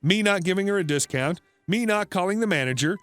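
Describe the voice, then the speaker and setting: A man reads an internet story aloud in a plain, steady storytelling delivery. His voice sits high for a man and moves with a lively lilt. Soft music plays faintly behind him. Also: a little fast, dry recording. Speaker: narrator. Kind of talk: narrated internet story reading.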